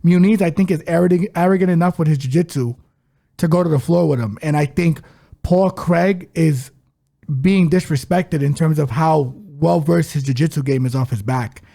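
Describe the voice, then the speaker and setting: Brief: male co-host, dark gravelly voice, emphatic, breaks down fight bets with confidence. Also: fairly high pitch, moderate pace. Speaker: podcast co-host, betting analyst. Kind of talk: casual sports-betting chat.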